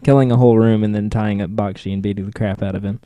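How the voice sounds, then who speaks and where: A man's voice: on the low side, fairly even intonation, fast, dark tone, smooth, dry recording. A man co-hosting a podcast, chatting casually about TV episodes with joking, sarcastic asides. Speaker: podcast co-host. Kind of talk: casual TV recap chat.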